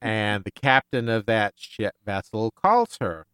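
A man hosting a casual book discussion podcast, animated and tripping over his words. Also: on the low side, takes it slowly, hardly any pauses, clean tone, no echo. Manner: animated, stumbling restarts. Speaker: podcast host.

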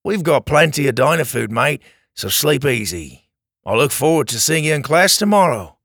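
A man's voice: a little high, sing-song, moderate pace, creaky, a bit bright, no room sound, clean studio sound, voice pushed up, full character voice. A man voicing a friendly young male counselor with an Australian accent. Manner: breezy, friendly.

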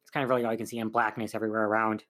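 A man's voice: on the low side, little pitch movement, racing, a bit bright. A man casually recapping a film's plot as a reviewer, rambling with lots of fillers. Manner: chatty, rambling, full of "like" and "um". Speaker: film reviewer.

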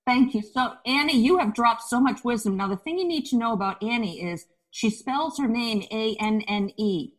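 A woman's voice: fairly high pitch, lively intonation, moderate pace, few pauses, poor audio. Woman w a light boston accent, gushy emphatic podcast cohost, video call. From Boston area. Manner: gushing, emphatic, enthusiastic. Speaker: podcast co-host.

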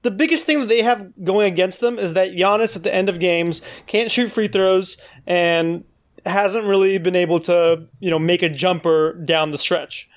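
A man's voice: high-pitched, normal speed. A man co-hosting a sports talk show, assertively laying out odds and arguments. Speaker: co-host. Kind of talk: casual sports debate.

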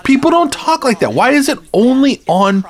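A man's voice: very high voice, sing-song, normal speed. A man hosting a podcast in casual chat, talking in a profane, rambling, sardonic way. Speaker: podcast host.

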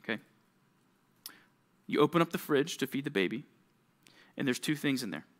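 A man's voice: medium pitch, expressive, normal speed, fairly bright tone. A young man, a youth pastor, giving a casual, conversational sermon to teenagers, full of rhetorical questions.

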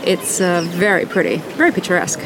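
A woman's voice: on the low side, lively intonation, quick pace, noisy background. A young woman co-hosting a casual travel podcast, friendly and chatty with an easy giggle, recorded outdoors. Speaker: podcast co-host. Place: outdoors at a seaside fort.

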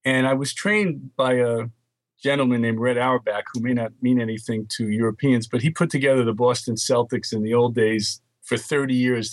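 An older man from the Bronx, telling animated stories as an interview guest. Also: medium pitch, dry recording. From New York, Bronx. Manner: animated anecdotes with quoted dialogue. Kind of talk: storytelling interview.

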